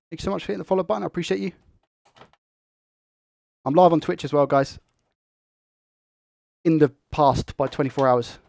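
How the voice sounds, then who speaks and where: A young man who talks fast and excitably while hosting a tech live stream and reading viewer comments. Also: on the high side, creaky, no echo. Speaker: tech livestream host.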